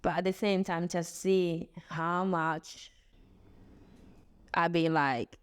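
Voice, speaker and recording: A woman's voice: on the low side, slow, smooth. A woman from Chile who speaks English with a Chilean Spanish accent, a podcast guest telling personal stories candidly and expressively. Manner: candid, expressive storytelling with restarts. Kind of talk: casual chat.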